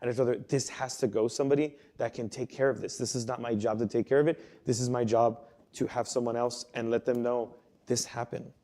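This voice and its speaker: A man's voice: medium pitch, flat delivery, fairly quick, warm tone. Young man telling an earnest sermon story. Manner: conversational, earnest, with many restarts and quoted inner thoughts. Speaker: youth pastor.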